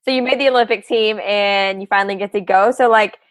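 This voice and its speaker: A woman hosting a podcast interview, asking follow-up questions in a relaxed, encouraging way. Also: mid-range voice, fairly quick, dry recording. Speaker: podcast host. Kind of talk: casual interview.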